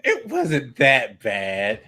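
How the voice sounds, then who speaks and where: A man's voice: medium pitch, wildly swooping pitch, drawn-out words, pushed and bright. A man hosting a podcast, chatting casually with teasing, laid-back banter. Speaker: podcast host. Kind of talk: casual chat.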